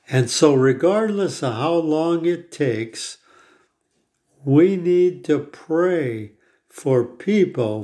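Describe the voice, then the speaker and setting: A man preaching a sermon, telling a story in a measured, solemn way. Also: a little high, warm tone.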